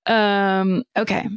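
A woman's voice: mid-range voice, clean tone, no room sound. Woman co-hosting, laughing often. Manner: laughs often, reads with deadpan asides. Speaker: podcast co-host. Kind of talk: casual chat, reading listener stories aloud.

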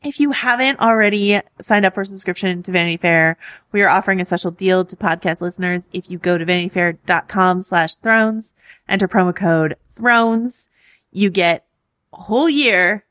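A woman's voice: mid-range voice, normal speed, a bit bright, no echo, studio quality. A woman co-hosting a podcast, chatting casually with many fillers and frequent laughs. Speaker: podcast co-host.

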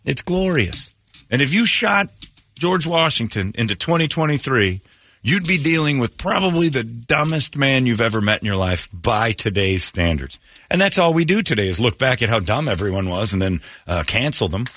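A man's voice: medium pitch, lively intonation, moderate pace, a bit bright, no room sound. A man hosting a morning radio show, joking and rambling in casual banter at a studio microphone.

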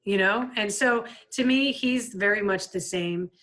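A woman's voice: mid-range voice, a little slow. A woman in her fifties, a former player and coach, telling stories in a casual interview, full of "like" and "you know". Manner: lively anecdotal, frequent "like" and "you know".

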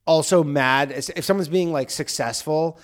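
A man co-hosting a casual comedy podcast, laid-back and agreeable, turning animated when he riffs. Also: fairly high pitch, moderate pace.

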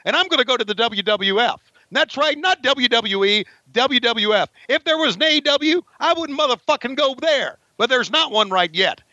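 A man's voice: animated, moderate pace, hardly any pauses, sharp tone, dry recording, muffled recording, heavily acted. A man doing a cursing, fed-up veteran wrestler. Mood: ranting. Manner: profane, rambling, raised pitch, mock-angry. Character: gruff, frustrated veteran male wrestler ranting backstage.

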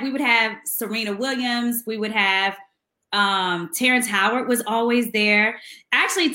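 A woman's voice: medium pitch, sharp tone, echoey room. A woman guest in a casual interview, chatty and laughing as she tells stories and mimics people. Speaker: guest singer.

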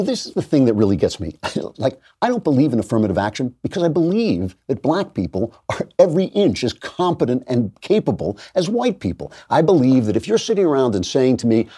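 Guy doing a political rant on his show, voice swings up and down a lot, kinda dark mellow tone. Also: medium pitch. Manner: emphatic, animated, with mocking put-on voices. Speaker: commentary show host. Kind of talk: political commentary monologue.

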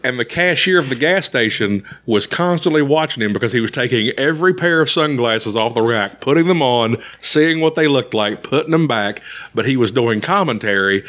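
A man's voice: mid-range voice, normal speed. A man telling a long comic story on a podcast, swearing freely and acting out the people in it. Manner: profane, animated, acts out characters. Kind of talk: casual comedic storytelling.

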